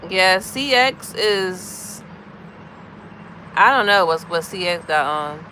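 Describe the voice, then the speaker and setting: She speaks slowly in a lowish voice, with lively intonation and a pushed, bright quality, over slight background noise. An American in her thirties, she's hosting a livestream, chatting casually and greeting viewers by name as she goes from comment to comment.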